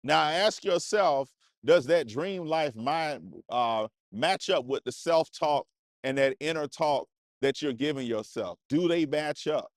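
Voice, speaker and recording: Preachy man with a higher voice. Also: expressive, slow, no echo, clean studio sound. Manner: preachy, conversational, repeats and restarts phrases. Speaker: vlogger. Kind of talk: motivational monologue. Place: indoors, seated on a cushion.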